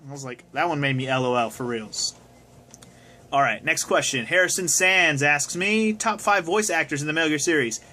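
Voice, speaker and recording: A man's voice: a little high, expressive, normal speed, pushed and bright. A young man casually answering viewer questions on his video, rambling and swearing now and then. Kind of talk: casual chat. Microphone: phone camera.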